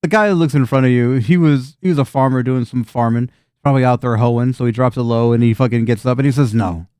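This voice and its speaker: A man's voice: mid-range voice, fast, darkish tone, clear, resonant tone, no echo, clean studio sound. A man narrating a tabletop game as game master, casual and laughing, with frequent swearing.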